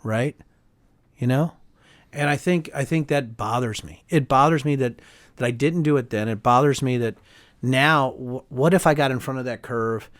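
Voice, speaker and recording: In a dry recording, a man of medium pitch talks at a normal pace as an interview guest. A middle-aged congressman and author, he's heated and emphatic in this animated exchange, voicing the people he quotes and ending points with "right?".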